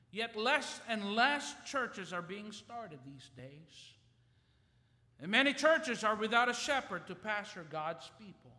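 A man's voice: sits high, pushed and bright. A man preaching a fervent sermon in church, leading the congregation in call-and-response. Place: church sanctuary. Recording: church hall reverb.

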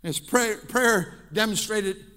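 A male pastor preaching in a church with a very high, bright, forceful voice. He swings from hushed pleading to shouting. The sound carries a long hall reverb. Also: takes it slowly, smooth. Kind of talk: sermon. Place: church sanctuary.

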